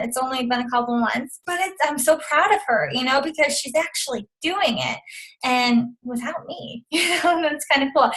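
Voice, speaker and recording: A woman's voice: sits high, a bit bright, poor audio. A woman in her thirties giving a chatty, upbeat motivational talk as a coach on a team call, full of fillers like "like" and "you know". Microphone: phone or conference call line.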